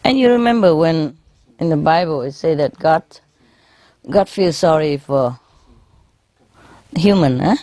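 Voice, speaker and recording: A woman's voice: low voice, lively intonation, a little slow, long pauses, dark tone. A woman who is a spiritual teacher, telling jokes to a live audience in non-native English. She laughs often at her own jokes and checks in with her listeners with tags like "no?" and "eh?". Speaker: spiritual teacher addressing a gathering. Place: gathering hall.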